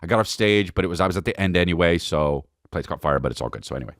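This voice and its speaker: A man hosting a podcast, telling a rambling, excitable comedic story with frequent swearing and asides. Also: low-pitched, rapid-fire, no echo, studio quality. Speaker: podcast host. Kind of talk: casual comedic monologue.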